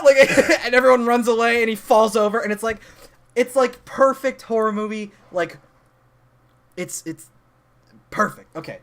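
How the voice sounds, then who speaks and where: A young man on a podcast, excitedly retelling a movie plot in casual chat, full of fillers and restarts. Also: high-pitched, moderate pace. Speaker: podcast co-host.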